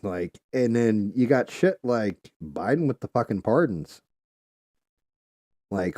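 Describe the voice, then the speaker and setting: A man rants on his podcast, blunt and swearing freely. His voice is mellow and dark, yet his pitch jumps around with animated energy. The sound is dry and close. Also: takes it slowly, no echo. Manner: profane, heated and blunt. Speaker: podcast host. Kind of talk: casual podcast rant.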